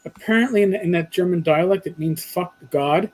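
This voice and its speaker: A man's voice: sits high, normal speed, poor audio. A man from New York with a New York accent, co-hosting a casual live-stream chat and reading out comments. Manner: chatty, trailing off and restarting, reading out comments. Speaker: co-host.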